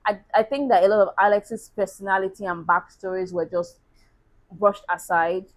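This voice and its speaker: A woman's voice: mid-range voice, fairly even intonation, normal speed, low-quality recording. A woman chatting casually as a book reviewer, laughing at herself now and then.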